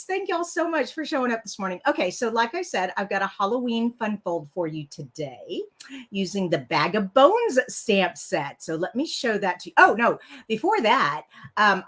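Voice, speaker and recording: A woman's voice: mid-range voice, a bit bright. A woman hosting a casual live card-making tutorial, chatty and rambling, often laughing.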